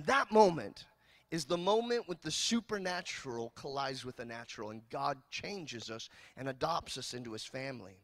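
A man from California preaching a sermon as pastor, telling jokes and stories in an animated way. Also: mid-range voice, moderate pace, no room sound. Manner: animated, joking storyteller. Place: church.

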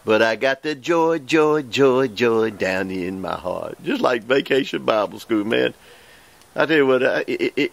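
A man from the southeastern United States with a Southern accent, preaching an informal sermon full of stories, exuberant, exclaiming and repeating words when excited. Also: mid-range voice, creaky. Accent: Southern American.

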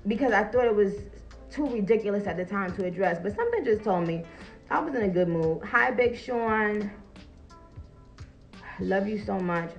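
A woman ranting casually and profanely on a live stream, animated and laughing, getting loud at her peaks. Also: medium pitch, normal speed, pauses often, faint music behind, low-quality recording.

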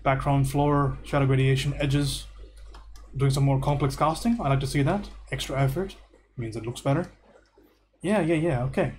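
A man teaching art on a livestream, going through student homework and giving relaxed, encouraging feedback. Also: mid-range voice, normal speed, slight background noise. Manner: relaxed and encouraging, thinks aloud with repeated praise.

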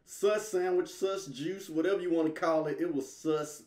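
A man's voice: a little high, moderate pace, darkish tone, far from the mic. A man joking and laughing as he reacts to a gameplay video. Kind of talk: casual reaction commentary. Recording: roomy, off-mic.

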